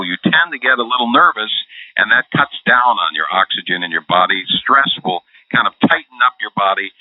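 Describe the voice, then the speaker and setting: A man's voice: lowish voice, no room sound. A man working as a voice coach, explaining vocal care and breathing in an interview. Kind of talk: instructional interview. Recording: phone-like dry line.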